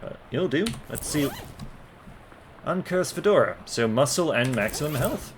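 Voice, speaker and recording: A man's voice: fairly high pitch, expressive, unhurried, slight background noise. A man playing a game and reading its text aloud, stumbling over words now and then. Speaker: gameplay commentator. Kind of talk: casual let's play commentary.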